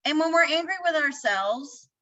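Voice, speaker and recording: A woman co-hosts a podcast, reflective and affirming. Her voice is high and bright. The sound is dry and dull, like a lo-fi recording. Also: expressive, moderate pace, dry recording. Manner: brief affirming responses, reflective. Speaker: podcast co-host. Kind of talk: casual podcast chat.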